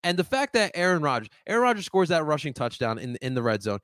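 A man hosts a live sports stream in a slightly high voice, jumping between loud shout-outs to chat and mumbled asides. He talks in rambling runs full of restarts. The sound is dry and close, with no room echo. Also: fast talker. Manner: animated, swings from loud greetings to low asides. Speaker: sports show host reading live chat.

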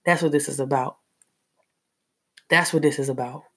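A woman telling a personal story in a casual, animated way, full of fillers. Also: a bass voice, normal speed, husky.

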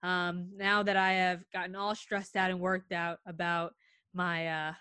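A young woman co-hosting a casual sports podcast, talking in an animated, emotional way as a frustrated fan. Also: on the low side, unhurried, clear, resonant tone, no room sound. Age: young adult. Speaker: podcast co-host.

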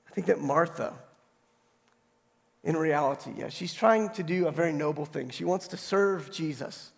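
A man preaching a sermon in a relaxed, conversational storytelling way, his voice hoarse and gravelly from allergies, often checking in with "right?". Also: a little high, normal speed. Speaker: pastor. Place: church sanctuary. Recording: long hall reverb.

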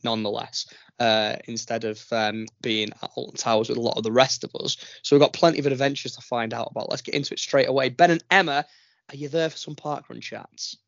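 A man's voice: mid-range voice, gravelly, fairly bright tone, dry recording. A man hosting a running podcast, chatting casually and joking at his own expense. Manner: chatty, jokey, self-deprecating. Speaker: podcast host. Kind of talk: casual chat. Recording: slightly dull, dry sound.

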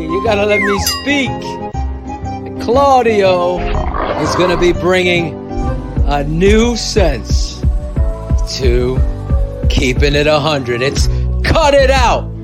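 A man putting on a pushy Italian barber with a thick Italian accent, booming out drawn, high, swooping announcements over music. He hammers his words and will not be cut off. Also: exaggerated voice. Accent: put-on Italian. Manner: loud, insistent, drawn-out announcing.

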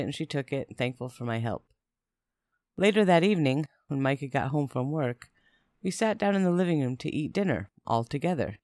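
A man narrating a first-person story in a steady, plain way. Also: a little high, no room sound, clean studio sound.

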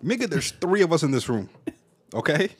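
Slangy young man with lively, joking banter. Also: fairly high pitch, brisk, breathy edge. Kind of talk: casual storytelling chat.

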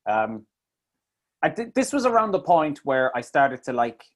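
A man's voice: medium pitch, a little slow. A man in casual chat, reviewing a film with mocking asides and swearing. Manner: animated, swearing, mocking impressions. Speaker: podcast co-host.

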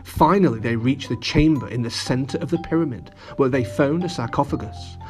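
A man reading a children's story aloud and chatting warmly to the boys and girls listening, with lots of animated emphasis. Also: mid-range voice, normal speed, faint music behind. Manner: lively, addressing children directly.

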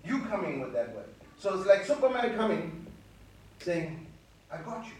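A man's voice: high-pitched, big pitch swings, moderate pace, darkish tone, slight background noise. Male preacher, earnest, stammering restarts, distant mic, big reverberant hall. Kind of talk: sermon. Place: church hall. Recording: echoey hall from far off.

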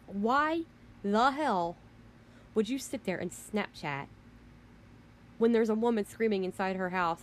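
A woman's voice: fairly low pitch, slight background noise. Woman ranting in a rambling, emphatic way. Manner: emphatic, rambling, repeats herself. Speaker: vlogger. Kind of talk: ranting monologue.

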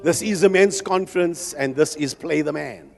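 A man preaching a fervent sermon at a men's conference, impassioned and rising to shouts, teasing the crowd between points. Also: fairly high pitch, moderate pace, gravelly. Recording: long hall reverb with music behind.

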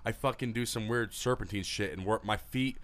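Low-voiced man telling crude stories. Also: a little fast. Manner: crude, profane, animated storyteller. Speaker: podcast co-host. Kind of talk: casual podcast chat.

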